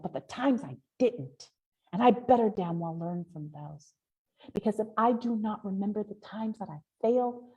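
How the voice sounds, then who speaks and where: A middle-aged woman hosting a live question-and-answer talk, speaking with emphatic passion and rhetorical questions. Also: mid-range voice. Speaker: host. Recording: dull lo-fi stream audio.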